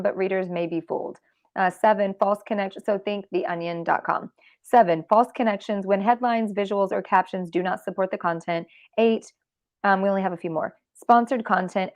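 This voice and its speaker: A woman hosting an online talk show, reading out a numbered list of points and stumbling now and then. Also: mid-range voice. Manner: reads points in a list, with restarts. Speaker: host.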